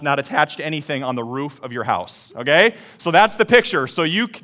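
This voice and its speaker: A man in his thirties, a pastor giving a lively sermon with a personal story and calls for responses from the congregation. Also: sits high. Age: 30s.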